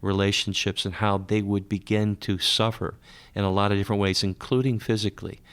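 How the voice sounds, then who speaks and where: A man's voice: lowish voice, little pitch movement, a little fast, fairly bright tone, clean tone. A man hosting a radio interview, steering the conversation and closing with a prayer for listeners. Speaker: radio host.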